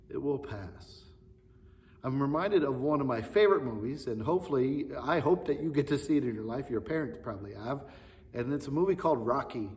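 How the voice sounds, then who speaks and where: A man's voice: mid-range voice, a little mellow. A male pastor giving an earnest children's sermon, repeating key phrases for emphasis. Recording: long reverb, echoey hall.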